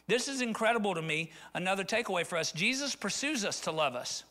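Preacher guy, middle-aged, bright ringing voice, chatty then fired up. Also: high voice, lively intonation, fast. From rural Arkansas. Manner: conversational, builds to fervent preaching. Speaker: pastor. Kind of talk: sermon.

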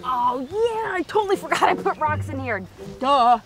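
Brief: high-voiced woman ranger for a kids' dinosaur video, squealing and excitable, with music underneath. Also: normal speed. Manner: excitable, squealing, over the top. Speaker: park ranger. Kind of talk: scripted children's video acting. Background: background music.

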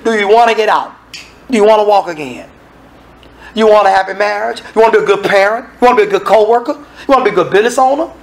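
A man's voice: high voice, fast, vocal fry, poor audio. Man, preacher, folksy conversational sermon, voices the characters in the text himself. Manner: conversational, acts out the people in the scripture; folksy, colloquial asides to the congregation.

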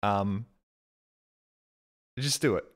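A man's voice: fairly low pitch, drawn-out words. An Australian man hosting a live stream, talking loosely and casually to his viewers. He rambles, cracks jokes and swears freely while reading chat messages and thanking subscribers.

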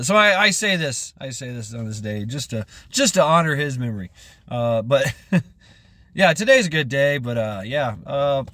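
A man's voice: medium pitch, fairly bright tone. A man vlogging in a casual, rambling monologue, chuckling often and restarting his sentences with many fillers.

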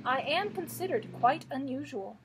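A woman's voice: sits high, animated, moderate pace, background noise. A woman voicing a proud, odd male sawhorse come to life in a storybook read-aloud. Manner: prim and proud, then meek.

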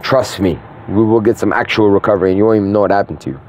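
A man's voice: on the low side, rapid-fire, darkish tone. A man ranting in a rambling, profane, grandiose monologue to the camera.

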